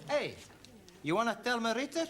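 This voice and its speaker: A man's voice: extremely high pitch, big pitch swings, moderate pace, sharp tone, exaggerated voice. An actor playing a cheerful male student with an Italian accent who muddles English idioms. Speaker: evening-class student.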